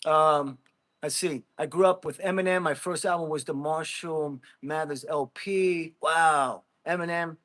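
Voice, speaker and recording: Excitable, rambling livestreamer. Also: male voice, fairly high pitch, measured pace. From Jersey City, USA. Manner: rambling, excitable, laughs a lot, talks to chat. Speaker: livestream host, Marine veteran. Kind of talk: casual livestream chat.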